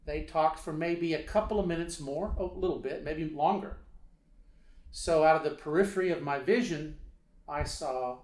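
A man's voice: a little high, moderate pace, a little mellow. A man telling a personal story in a casual interview, hesitant with many fillers, acting out dialogue. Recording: roomy echo.

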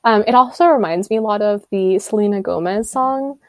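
A woman's voice: medium pitch, fairly quick, dry recording. Young female podcast co-host, casual and sarcastic, dry close mic. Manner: chatty, laughs often, playful sarcasm. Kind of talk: casual chat.

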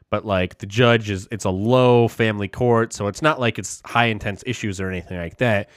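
A man recapping a movie in a casual podcast chat, animated and heavy on the swearing as he rambles through the plot. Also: fairly low pitch, no echo, clean studio sound. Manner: animated, profane, rambling storyteller.

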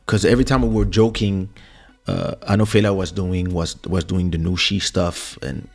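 With a low, slightly mellow voice that barely shifts in pitch, a French man hosts a podcast at normal speed. He casually shares a story from his music career, repeating and restarting words often as he recalls.

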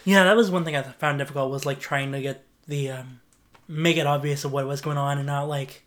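Bright-voiced man reading a story aloud. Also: fairly high pitch, steady tone, fairly quick. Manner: rambling, self-mocking. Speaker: podcast co-host and reader. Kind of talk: casual chat and amateur story reading.

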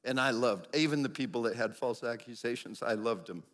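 A middle-aged man preaching, a pastor telling a lively personal story in sermon style. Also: fairly quick. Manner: animated storyteller, acts out quotes with big pitch jumps.

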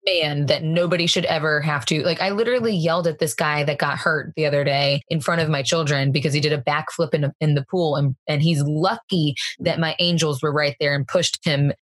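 A woman's voice: low voice, steady tone, a little fast, hardly any pauses, no room sound. A woman in her thirties chatting casually as a podcast co-host, candid and self-mocking, often laughing. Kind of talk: casual chat.

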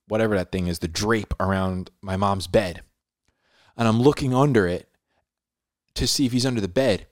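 A man, a podcast host, casually telling a story in a laid-back way, dropping "dude" and "like" often and building drama with pauses. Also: mid-range voice, no echo, studio quality. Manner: animated, dramatic retelling with pauses.

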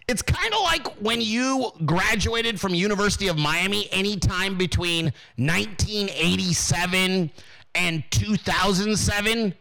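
A man's voice: sits high, bright, forceful tone. A male podcast host in a profane, mocking rant, often mimicking imagined people.

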